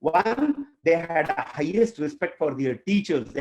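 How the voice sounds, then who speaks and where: High-voiced Indian English trainer storytelling. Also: male voice, unhurried. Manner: animated storyteller, addresses audience directly. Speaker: corporate trainer. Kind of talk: motivational storytelling talk.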